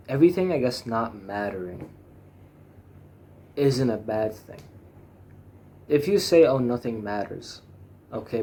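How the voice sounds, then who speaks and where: A man's voice: medium pitch, darkish tone, slight background noise. A young man talking frankly in a rambling personal monologue, full of fillers, restarts and swearing. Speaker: vlogger.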